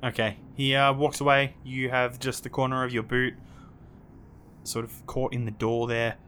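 Aussie guy running a tabletop game, bright voice, little bit of hiss behind. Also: mid-range voice, moderate pace. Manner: laughs often, lively voices for guards. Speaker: game master.

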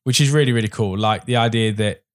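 A man's voice: fairly low pitch, fast talker. A man chatting casually about films, sharing trivia and laughing often. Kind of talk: casual film chat.

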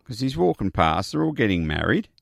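A man's voice: lowish voice, sing-song, fairly quick, vocal fry, no echo, clean studio sound. A man, a co-host, telling news stories in a chatty, joking way. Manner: chatty storyteller, jokey asides. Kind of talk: casual chat.

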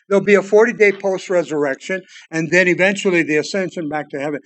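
High-voiced man preaching dramatically. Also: fast. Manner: dramatic preaching, swinging from loud exclamations to hushed tones. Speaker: pastor. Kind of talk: sermon.

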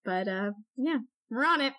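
Woman, podcast co-host, slightly high voice, very animated pitch, joking casual chat. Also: normal speed. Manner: animated, joking, laughs often.

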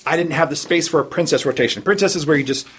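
Husky-voiced man telling animated stories. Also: a little high, quick pace. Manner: animated storyteller, acts out quoted voices. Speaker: podcast guest. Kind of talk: casual storytelling chat.

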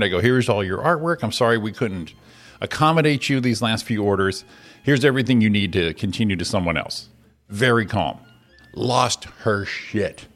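Male co-host, low voice, casual storyteller, light music bed. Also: expressive, fairly quick. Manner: storytelling, acts out quotes. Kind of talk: casual chat.

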